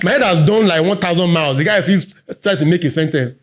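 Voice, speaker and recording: Male workshop trainer, fast-talking, high-pitched, audience-engaging. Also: animated. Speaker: workshop facilitator. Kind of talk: live workplace training talk.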